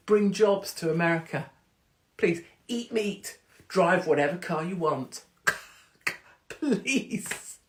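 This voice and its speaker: Her fairly low voice carries a cheeky, excitable energy as she hosts a laid-back livestream chat. While reading announcements, she wanders off into asides and interrupts herself with jokes.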